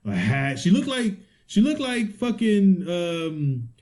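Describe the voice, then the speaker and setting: A man co-hosting a podcast, telling a profane story in casual chat and acting out the exchanges in animated bursts. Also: sits high, takes it slowly. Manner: animated, swears constantly, acts out exchanges. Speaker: podcast co-host.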